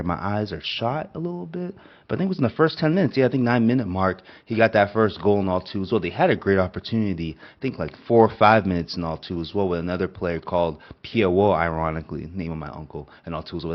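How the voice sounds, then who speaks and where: Casual sports podcast host, man with a deep voice and a stuffy nose, meandering delivery, muffled lo-fi recording. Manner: rambling, repeats "and all too as well". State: nasal from a cold.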